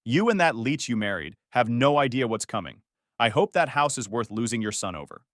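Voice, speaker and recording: A man's voice: medium pitch, brisk, dry recording, clean studio sound, natural voice. A man voicing a firm, protective uncle who works as a construction foreman. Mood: cold anger. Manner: firm, cold and calm.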